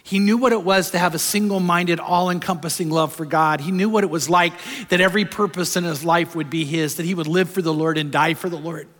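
High-voiced pastor in a reverberant hall. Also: male voice, fairly quick, hardly any pauses. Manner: conversational, animated storytelling, drops soft for emotional moments. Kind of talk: sermon with personal storytelling.

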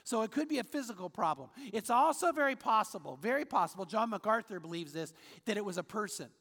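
A man's voice: high voice, animated, fast talker, vocal fry, fairly bright tone. Guy preaching in a big church, storytelling, echo hangs in the hall. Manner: earnest, storytelling with scripture readings. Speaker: pastor. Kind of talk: sermon. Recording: long hall reverb.

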